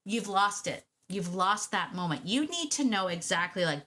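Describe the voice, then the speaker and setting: A woman dog trainer hosting a solo podcast, speaking directly to listeners in an animated, encouraging way and repeating her key points. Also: mid-range voice. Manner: animated, repeats key phrases, acts out quick quoted thoughts. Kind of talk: solo podcast coaching talk.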